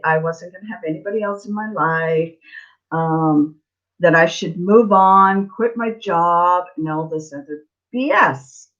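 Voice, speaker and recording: A middle-aged woman, a psychic tarot reader telling a story in a blunt, chatty, digressive way on a live Q&A stream. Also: mid-range voice. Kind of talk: casual storytelling on a livestream. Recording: slightly dull lo-fi audio.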